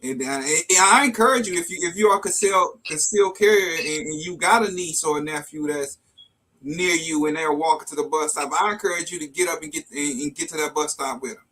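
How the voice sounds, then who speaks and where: A man with a high, ringing, bright voice hosts a casual live-streamed chat. He talks earnestly and circles back over his words as he gives advice. His voice comes through a video call. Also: fairly quick, poor audio. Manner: earnest, repeats himself while advising. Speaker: show host.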